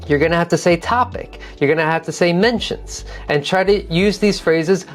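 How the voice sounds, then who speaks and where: A woman's voice: on the low side, brisk, few pauses, faint music behind. A woman teaching an online test-prep lesson, practical and encouraging, repeating key phrases to model how they should sound. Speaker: TOEFL teacher.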